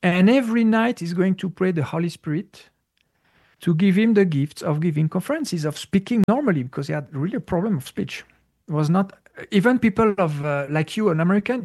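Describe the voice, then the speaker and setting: A man speaking English as a second language, explaining spiritual ideas in a casual, halting way with many fillers and searches for words. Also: on the high side, a little mellow. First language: not English. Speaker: spiritual teacher. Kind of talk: casual conversational talk.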